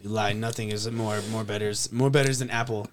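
A man's voice: lowish voice, brisk, a little hiss or hum. A man co-hosting a podcast in casual, profane chat, acting out bits as he tells stories. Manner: animated, profane storytelling with acted quotes. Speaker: podcast co-host. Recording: studio podcast mic.

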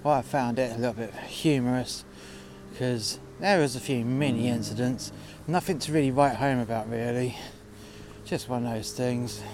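A man's voice: mid-range voice, steady tone, normal speed, background noise. A man narrating a workplace story in a blunt, sweary and sarcastic way, voicing the people in it. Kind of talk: storytelling monologue. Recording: music playing behind the voice.

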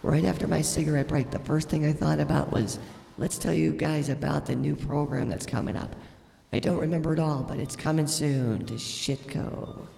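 A scatterbrained female store manager making an intercom announcement, voiced by a man in a comedy skit. Her voice is very gravelly and dark. It echoes with a long reverb, as though heard over a store loudspeaker. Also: fairly high pitch, steady tone, normal speed. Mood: chipper. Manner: rambling, forgetful announcement.

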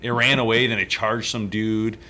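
A man's voice: lowish voice, flat delivery, moderate pace, sharp tone, a little hiss or hum. A man hosting a casual live-stream chat, telling stories animatedly and laughing often. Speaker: host.

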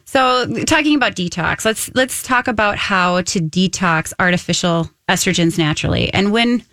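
A woman nutritionist co-hosting a radio show, chatty and quick to agree. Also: medium pitch, fairly bright tone, dry recording. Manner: chatty, quick when clarifying, many agreeing backchannels. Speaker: nutritionist co-host.

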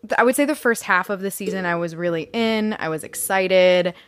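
A woman's voice: mid-range voice, fairly quick, no room sound. A woman co-hosting a podcast in casual chat, blunt and laughing often. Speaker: podcast co-host.

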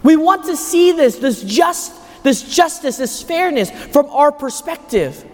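A man's voice: extremely high pitch, animated, unhurried. A man preaching a homily at Mass, emphatic and full of rhetorical questions. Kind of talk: sermon. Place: large church. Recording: echoey church hall.

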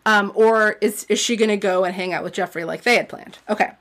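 A woman with a mid-range, slightly bright voice talks fairly quickly as a podcast co-host in a casual book discussion. She's chatty, laughs often, and uses the word "like" frequently.

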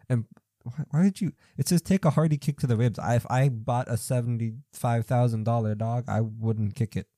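A man's voice: lowish voice, mellow, no room sound. A young man hosting a podcast, reading out odd news stories and reacting with rambling, incredulous asides full of fillers. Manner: rambling, incredulous, thinks aloud with many fillers. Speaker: podcast host. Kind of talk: casual commentary reading news stories aloud.

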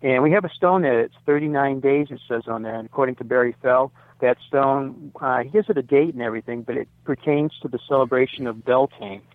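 A man's voice: medium pitch, a little fast, hardly any pauses, dry recording. Man in his sixties, radio guest, phone-line audio, dry, meandering with fillers. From United States. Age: 60s. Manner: rambling, self-correcting, many fillers. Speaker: site owner, interview guest. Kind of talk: radio interview.

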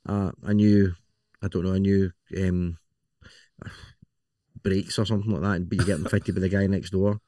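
A man's voice: low-pitched, level tone, moderate pace, long pauses, dark tone, no room sound, clean studio sound. A man co-hosting a podcast, easygoing and agreeable in casual chat. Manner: easygoing, agreeable, many short backchannels. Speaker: podcast co-host.

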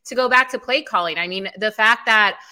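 A woman's voice: mid-range voice, sharp tone. A woman on a post-game show panel, venting frustration about play calling. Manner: frustrated, rapid complaints.

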